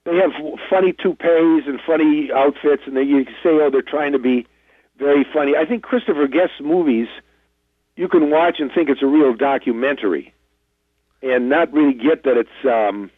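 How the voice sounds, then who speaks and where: Heard over a tinny, dry telephone connection, a man with a slightly high, breathy-edged voice talks at a moderate pace. He's an actor guest in a casual interview, telling rambling stories that poke fun at himself.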